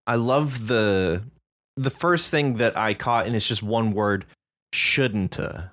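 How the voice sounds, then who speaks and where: A man's voice: mid-range voice, measured pace, a bit bright, no room sound, studio quality. A man co-hosting a podcast, chatting with enthusiasm about reader stories and laughing easily. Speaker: podcast co-host.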